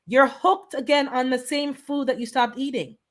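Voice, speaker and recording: This live wellness chat host, a woman of Jamaican descent from the Caribbean, speaks at a normal speed in a voice that sits high. She comes across as earnest and pleading, using repetition to press her points during the casual stream.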